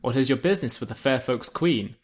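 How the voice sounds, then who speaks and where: A man's voice: medium pitch, fast, natural voice. A man reading the lines of a scornful, regal fairy queen. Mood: haughty. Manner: haughty, lofty.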